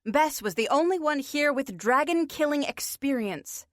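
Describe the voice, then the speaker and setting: A woman narrating a fantasy audiobook in a measured, expressive way. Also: high-pitched, no room sound, studio quality. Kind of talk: scripted fiction narration.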